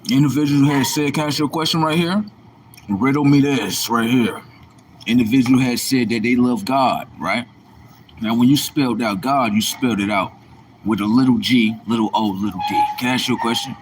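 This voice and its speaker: A man's voice: medium pitch, normal speed, a little hiss or hum. A man hosting a livestream, delivering a combative, preachy monologue full of rhetorical questions. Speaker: livestream host.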